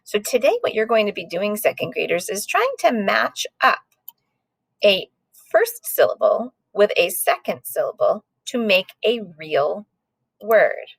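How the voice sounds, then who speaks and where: A woman's voice: mid-range voice, big pitch swings, a little slow, gravelly, breathy edge, dry recording. A woman teaching a recorded phonics lesson to second graders, sounding out letters patiently.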